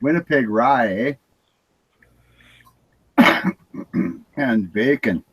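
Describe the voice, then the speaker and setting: A man's voice: medium pitch, extremely slow, husky, low-quality recording. A Canadian man chatting casually over voice chat, joking and laughing often. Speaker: chat participant.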